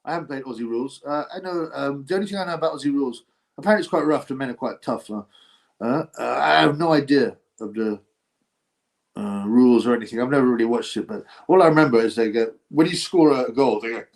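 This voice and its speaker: Talking quickly in a mid-range, creaky, slightly mellow voice, a man hosts a relaxed boxing livestream. He chats and drifts between topics, using many fillers and laughing often.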